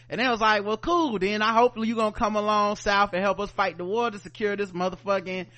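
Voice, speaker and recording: A man's voice: high-pitched, steady tone, fairly quick, hardly any pauses, bright, forceful tone. A man co-hosting a podcast, recapping a show animatedly, laughing often and acting out the characters in slang. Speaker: podcast co-host.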